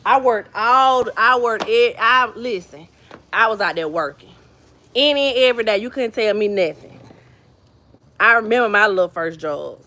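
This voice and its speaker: Bright-voiced chatty woman livestreaming. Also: on the high side, lively intonation, normal speed. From New Jersey. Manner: chatty, storytelling, addresses viewers by name. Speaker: vlogger hosting a livestream. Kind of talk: casual livestream chat with viewers.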